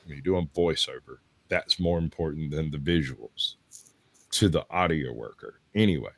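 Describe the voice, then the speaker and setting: Southern US man, co-host, very low pitch, close dry mic, rambling chat. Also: normal speed, gravelly, slightly rough, dry recording. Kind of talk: casual chat.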